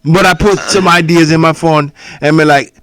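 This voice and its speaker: A man's voice: fairly high pitch, steady tone, normal speed, fairly bright tone, smooth, dry recording. A man from the Cleveland area co-hosting a comedy podcast, telling loose stories and breaking into laughter and silly voices. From Cleveland area, Ohio. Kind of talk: casual comedy podcast chat.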